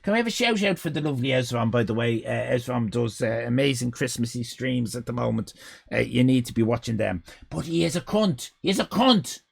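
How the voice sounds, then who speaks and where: An Irish man in his fifties, a live streamer shouting mock-outraged, swear-filled banter at his chat, his voice going hoarse. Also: mid-range voice. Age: 50s.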